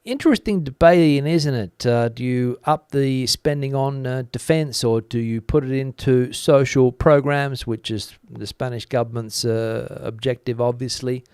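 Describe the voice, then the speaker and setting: A man's voice: medium pitch, moderate pace, few pauses, a little mellow, clear, resonant tone, no echo, studio quality. A middle-aged man hosting a casual livestream, reading out viewer comments with many hesitations. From Australia. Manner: hesitant, lots of uh fillers, reads out comments. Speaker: livestream host reading chat. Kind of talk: casual live chat.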